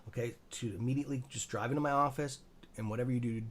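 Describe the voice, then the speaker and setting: A man's voice: mid-range voice, very fast, slight background noise. A man hosting a live trading stream, chatting casually and rambling, swearing freely and laughing at his own jokes. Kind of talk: casual chat.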